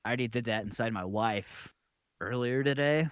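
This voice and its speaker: A tipsy man chatting on a casual podcast, rambling slowly and giggling. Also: mid-range voice, clean tone, dry recording, studio quality. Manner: slow, giggly, rambling talk.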